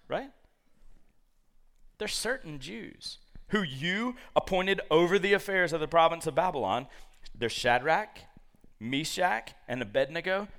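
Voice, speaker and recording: A man preaching a lively sermon, acting out the characters of a Bible story. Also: fairly high pitch. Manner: animated, acts out quoted characters.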